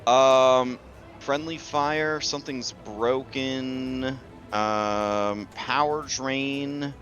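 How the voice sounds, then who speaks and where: A man's voice: mid-range voice, steady tone, extremely slow, fairly bright tone, faint music behind. A man running a tabletop game as game master, talking loosely and chattily with many fillers and the odd curse.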